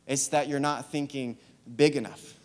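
A man's voice: medium pitch, steady tone, moderate pace. A young man giving a sermon, talking earnestly and casually, with fillers, as he tells a story. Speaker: youth speaker. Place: church hall. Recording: long hall reverb, music behind. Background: soft guitar.

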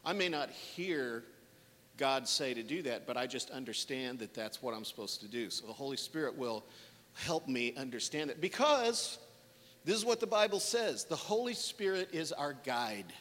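A man's voice: mid-range voice, expressive, normal speed, fairly bright tone. Conversational man preaching in a hall. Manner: conversational, acts out inner voices. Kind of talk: sermon.

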